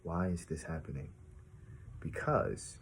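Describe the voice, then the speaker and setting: A man hosting an interview, asking calm, measured questions. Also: low voice, slight background noise. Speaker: host.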